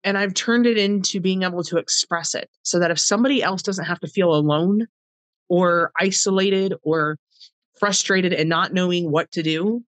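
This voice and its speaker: A woman's voice: fairly low pitch, moderate pace, dry recording, rough recording. A middle-aged woman, a podcast guest, telling a personal story with heartfelt earnestness, acting out past conversations in quoted dialogue.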